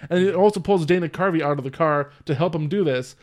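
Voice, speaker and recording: Man, podcast host, casual chat, higher-pitched, animated, laughing. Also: quick pace. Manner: animated retelling of scenes, lots of laughing and quoting. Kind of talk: casual movie-review chat.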